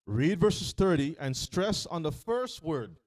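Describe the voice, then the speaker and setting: Male preacher, interactive sermon, lively rising-and-falling voice, slightly high, acts out the scenes. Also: measured pace. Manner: animated, questioning, acts out the story in voices. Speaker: teacher leading a scripture reading.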